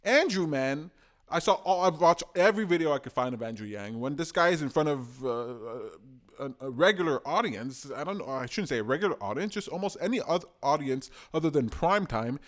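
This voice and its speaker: A man, giving excitable, rambling political commentary for a video blog and often tacking on "man". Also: a little high, fairly quick. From Canada.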